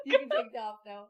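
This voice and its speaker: High-voiced giggly woman podcast co-host. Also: muffled recording. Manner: giggly, laughs through her lines. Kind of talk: casual chat.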